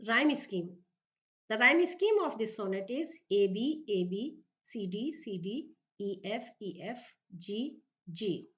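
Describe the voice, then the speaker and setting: A woman with an Indian English accent giving a slow, repetitive English literature lecture as a professor, often asking if the class is clear. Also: mid-range voice, animated, a bit bright. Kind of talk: recorded lecture. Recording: dull lo-fi recording.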